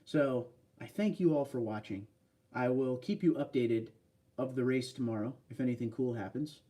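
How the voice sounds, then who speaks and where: A man's voice: medium pitch, moderate pace, mellow, recorded from a distance. A man hosting a casual livestream, chatting loosely and answering viewer comments. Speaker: livestream host. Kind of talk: casual live stream chat.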